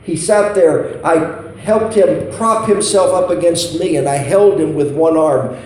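A man's voice: fairly high pitch, measured pace, darkish tone. Impassioned preacher man in an echoey hall. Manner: impassioned storytelling with pleading emphasis. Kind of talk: sermon. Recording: roomy hall echo.

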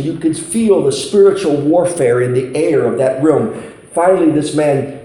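A man's voice: a little high, moderate pace, mellow. Impassioned preacher man in an echoey hall. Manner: impassioned storytelling with pleading emphasis. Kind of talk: sermon. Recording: roomy hall echo.

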